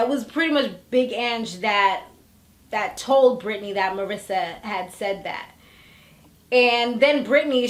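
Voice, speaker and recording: Woman, higher voice, chatty recap vlogger, gossipy and animated, roomy echo. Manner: gossipy, animated, acts out quotes with slang. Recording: echoey room.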